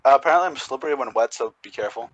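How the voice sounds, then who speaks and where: A man in a gaming voice chat making quick joking asides. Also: medium pitch, highs cut off, background noise. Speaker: gamer in a group voice chat.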